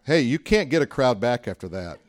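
A man's voice: medium pitch, big pitch swings, a little fast. A man, a pastor, giving a sermon in a conversational, humorous style full of anecdotes.

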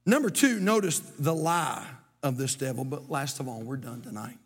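A man's voice: mid-range voice, expressive, moderate pace, gravelly, husky. A middle-aged man, preaching a sermon as pastor, moving from folksy storytelling to emphatic preaching. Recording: long hall reverb.

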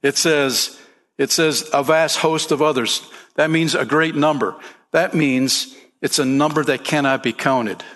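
A man's voice: a little high, steady tone, a little slow, a bit bright. A man preaching a sermon as pastor, emphatic, lifting his voice for key points and calling listeners "man" and "friend".

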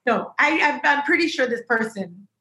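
A woman co-hosting a podcast over a video call, chatting casually in an animated, emphatic way. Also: high voice, moderate pace, roomy sound. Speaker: podcast co-host. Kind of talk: casual chat.

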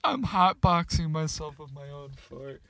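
A man's voice: fairly high pitch, lively intonation, unhurried, fairly bright tone. A young man co-hosting a casual podcast from his car, rambling and laughing often, with a lot of swearing. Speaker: podcast co-host. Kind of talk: casual chat.

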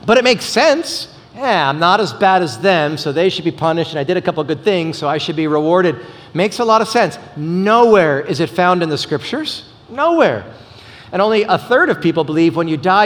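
A middle-aged man, a pastor, preaching a sermon with animated storytelling. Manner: animated storytelling, voice jumps high for quoted exclaims. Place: church sanctuary. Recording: reverberant church sanctuary.

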